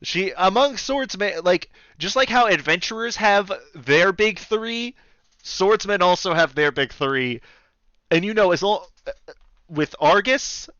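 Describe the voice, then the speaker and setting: A man's voice: fairly high pitch, a bit bright, clear, resonant tone, no echo, lo-fi sound. A man voicing an elf guild leader, speaking politely and formally and restarting his sentences as he feels for his words.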